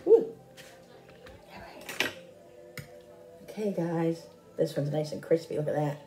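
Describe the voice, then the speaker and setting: A woman's voice: deep voice, slow, echoey room, music in the background, rough recording. A middle-aged woman chatting casually to her viewers while cooking in her home kitchen. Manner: chatty, talks straight to viewers. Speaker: cooking vlogger.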